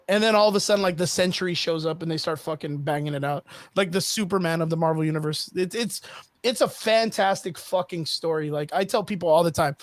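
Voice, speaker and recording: A man, a guest on a podcast, telling a story in an animated, profane way with lots of fillers. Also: sits high, no room sound. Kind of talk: casual chat.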